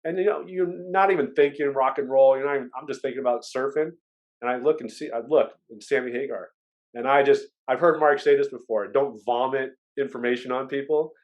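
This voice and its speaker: A man chatting as a podcast guest, telling lively stories and acting out what people said. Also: medium pitch, a little fast, dull audio. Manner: lively storyteller who acts out quotes. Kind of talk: casual chat.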